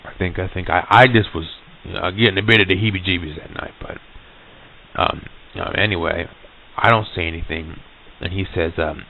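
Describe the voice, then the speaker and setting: A man telling of an eerie encounter in the first person, halting, with many fillers and restarts, heard on an old lo-fi reel-to-reel tape. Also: deep voice, fairly even intonation, vocal fry.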